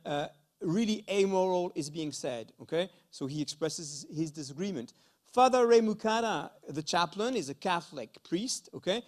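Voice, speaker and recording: A man's voice: high voice, darkish tone. A middle-aged man with a French accent giving a conference lecture, hesitant, with many fillers and restarts and a frequent "okay?". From France. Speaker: university lecturer. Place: school conference hall.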